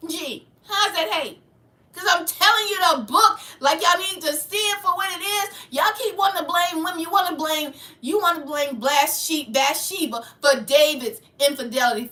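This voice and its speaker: A woman with a high, bright, sharp voice delivers a heated livestream rant, preachy and confrontational. She sits back from the mic in an echoey room. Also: recorded from a distance. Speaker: channel host.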